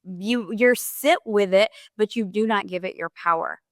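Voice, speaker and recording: A woman with a smooth, clear voice and a dry, close sound talks as a podcast guest. She explains her ideas with energy and vivid examples, like a coach. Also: medium pitch, measured pace, no echo. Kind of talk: motivational interview talk.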